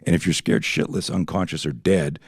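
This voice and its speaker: A middle-aged man from Canada, a self-defense instructor telling stories as a podcast guest, animated and swearing freely while acting out quoted dialogue. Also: a bass voice, brisk, creaky, breathy edge, dry recording, clean studio sound. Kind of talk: podcast interview storytelling.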